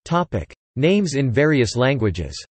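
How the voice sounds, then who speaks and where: Synthetic male reader, even machine delivery, mid pitch, dead-dry sound. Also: a little slow, breathy edge, dry recording. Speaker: text-to-speech reader. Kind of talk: synthetic encyclopedia reading.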